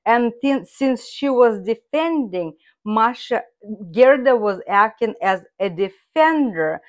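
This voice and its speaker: Slow-spoken woman teaching Russian words. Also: a little high, lively intonation. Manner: slow, careful explanations. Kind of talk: explaining words.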